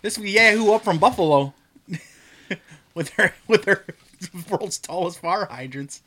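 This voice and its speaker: A man's voice: high-pitched, animated, takes it slowly, sharp tone. A man co-hosting a podcast who jokes and laughs often in a casual chat. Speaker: podcast co-host.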